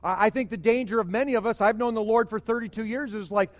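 A middle-aged man, a pastor, preaching a sermon in a conversational, animated way in a church sanctuary. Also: sits high, fast talker, hardly any pauses, long reverb tail.

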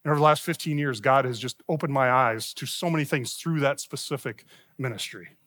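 A middle-aged man with a mid-range, fairly bright voice speaks a little fast as he preaches a sermon in a church sanctuary. He shares a personal story conversationally, acting out the voices of the people he quotes.

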